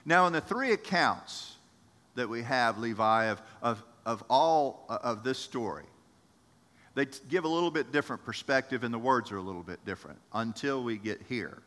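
A male pastor delivers a sermon in a bright, forceful voice. His tone rises and swells as he stresses a point, and he speaks to listeners by name. His words carry a long reverb through a large church sanctuary. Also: medium pitch, normal speed. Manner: animated storytelling, rising with emphasis, addresses congregation by name.

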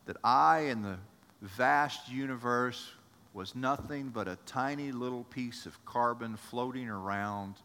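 A male pastor delivers a sermon in a bright, forceful voice. His tone rises and swells as he stresses a point, and he speaks to listeners by name. His words carry a long reverb through a large church sanctuary. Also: medium pitch, a little slow, clean tone. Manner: animated storytelling, rising with emphasis, addresses congregation by name.

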